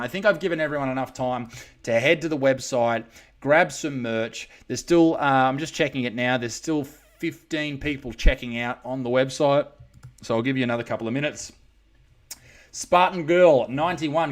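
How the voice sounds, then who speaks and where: A man's voice: mid-range voice, moderate pace. An Australian man chatting casually on a live stream, rambling, swearing and reading out viewer comments.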